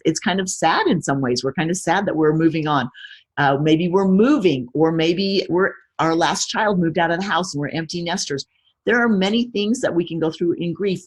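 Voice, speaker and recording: Breathy middle-aged woman, reflective. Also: fairly low pitch. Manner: reflective, measured, with frequent restarts. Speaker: guest. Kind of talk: personal interview conversation.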